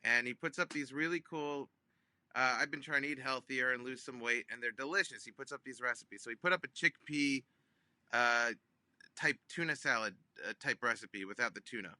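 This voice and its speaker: Bright-voiced man telling a story. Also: mid-range voice, moderate pace, no room sound. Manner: acts out both sides of phone calls with big voice jumps; hesitant, many ums and restarts. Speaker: comedian guest. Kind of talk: animated storytelling.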